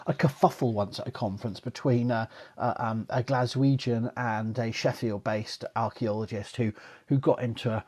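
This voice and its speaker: A middle-aged man hosts a casual live Q&A in a husky, breathy voice at an ordinary pitch. He rambles and swears, piles on "you know"s, and wanders into asides as he reads out viewers' questions. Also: steady tone, moderate pace, darkish tone. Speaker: archaeologist host of a live Q&A. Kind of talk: casual live-stream Q&A chat.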